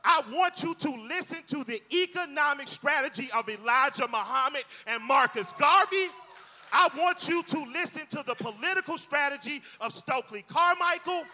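A man giving a forceful, impassioned speech and shouting at times, played as a clip. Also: extremely high pitch, expressive, normal speed, slight background noise. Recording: clip in a reverberant hall with faint music.

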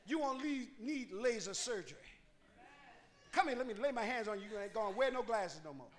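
A man preaching a sermon, swinging between hollering and hushed pleading and calling on the congregation to answer back. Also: very high voice, animated, a little fast. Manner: call-and-response with the congregation.

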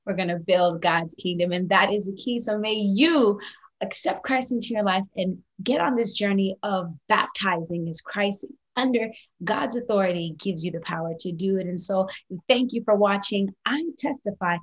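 A woman's voice: medium pitch, moderate pace. Encouraging woman hosting faith podcast. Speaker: podcast host.

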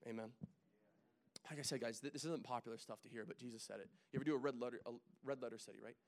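Casual preaching man, loud emphatic swells. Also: mid-range voice, rapid-fire. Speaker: pastor. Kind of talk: sermon.

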